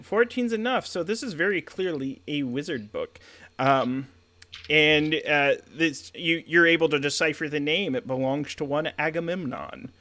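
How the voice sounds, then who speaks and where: A man's voice: on the high side, moderate pace, sharp tone. A man running a tabletop game as game master, rambling through descriptions with fillers and jokey asides.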